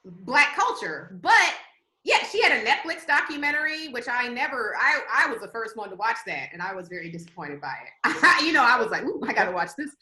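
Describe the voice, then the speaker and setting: A woman hosting a podcast over a video call, chatting casually, animated and laughing, often restarting her sentences. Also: fairly high pitch, fairly quick, roomy sound. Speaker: podcast host.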